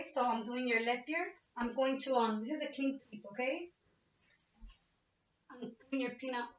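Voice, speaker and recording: A woman, a nursing student, talks a patient through a physical exam, explaining each step and checking in with "okay?" again and again. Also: high voice. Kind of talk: narrated physical exam demonstration. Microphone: laptop webcam. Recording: roomy, distant, muffled webcam audio.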